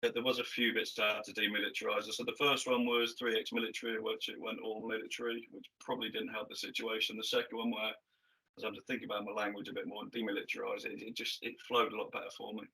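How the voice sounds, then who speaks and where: A man's voice: fairly low pitch, completely flat delivery, fast talker, pushed and bright, breathy edge, rough recording. Plain-spoken man. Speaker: ex-military panel guest. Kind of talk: casual career advice chat.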